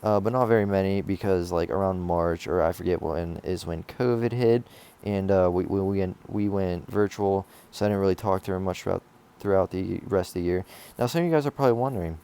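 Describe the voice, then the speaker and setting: A man's voice: deep voice, fairly quick, vocal fry, dark tone, clear, resonant tone. A young man telling a casual storytime, rambling and swearing with lots of fillers and restarts. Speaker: vlogger telling a school story.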